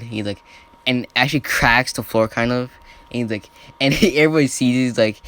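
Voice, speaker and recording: A man casually retelling a fan story off the cuff, rambling and often correcting himself as he goes. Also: lowish voice.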